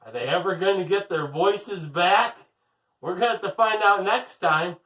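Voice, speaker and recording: A teacher reading a chapter book aloud to children, upbeat and encouraging, recorded from a distant mic. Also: male voice, high-pitched, normal speed, fairly bright tone. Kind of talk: read-aloud storytelling.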